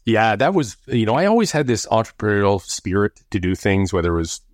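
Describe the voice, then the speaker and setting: A low-pitched, middle-aged man from Canada tells a story as an interview guest. He talks like a former pro athlete looking back, and he animates the voices he quotes. The sound is close and dry, with no room around it. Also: brisk, no room sound. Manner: animated, acts out quoted voices when recounting.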